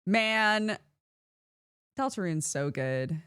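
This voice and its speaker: A woman streamer chatting casually with her viewers. Her pitch leaps up and down with animation, and she laughs readily between thoughts. The sound is dry and close, with no room around it. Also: very slow, smooth, dry recording. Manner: animated, laughs often, reads chat aloud.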